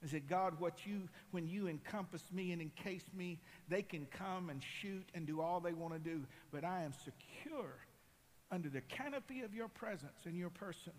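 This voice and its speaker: A man preaching a sermon, impassioned and building to loud cries. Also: high voice, normal speed. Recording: long hall reverb.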